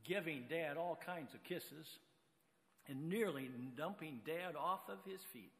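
A man preaching a story-driven sermon in a church sanctuary. His pace is slow and deliberate, his voice sits a little high, and long reverb trails each phrase. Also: vocal fry, a bit bright. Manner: unhurried storyteller reading a story aloud. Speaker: guest preacher.

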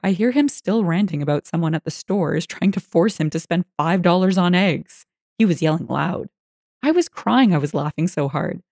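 A woman narrating online stories and reader comments for a story channel, with an expressive, amused delivery. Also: on the low side, creaky, no room sound, studio quality.

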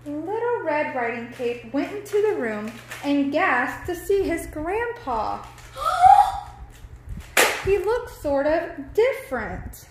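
High-voiced woman reading a children's story. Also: sing-song, slow, hardly any pauses, slight background noise. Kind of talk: storybook narration.

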